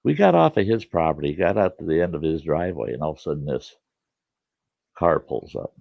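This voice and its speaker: A man's voice: very deep voice, animated, a little fast, creaky, no room sound. A man in his sixties, a host, telling a childhood story in a folksy, conversational way. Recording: dull lo-fi dry recording.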